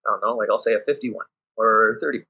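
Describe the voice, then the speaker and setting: A man, a volleyball coach, chatting casually in a podcast interview and acting out lively classroom scenes. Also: fairly low pitch, quick pace, breathy edge. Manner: animated storyteller acting out his players and himself. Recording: dull lo-fi audio.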